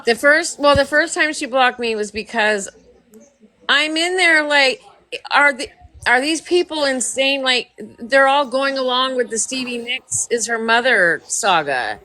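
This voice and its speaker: A woman's voice: high-pitched, animated, unhurried, pushed and bright. A woman hosting a casual group chat, gossiping and laughing often.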